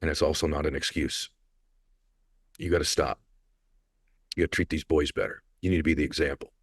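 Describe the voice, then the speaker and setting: Middle-aged male podcast host, extremely low voice, earnest and motivational, emotional, dry studio sound. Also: steady tone, brisk, husky, dry recording. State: emotional, choked up. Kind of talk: emotional solo storytelling.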